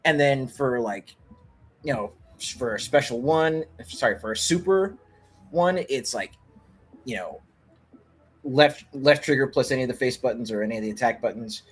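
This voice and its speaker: A man's voice: medium pitch, normal speed, husky. A man co-hosting a fighting game stream, explaining controls and mechanics casually with many fillers and chuckles. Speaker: co-host. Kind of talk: casual gameplay chat.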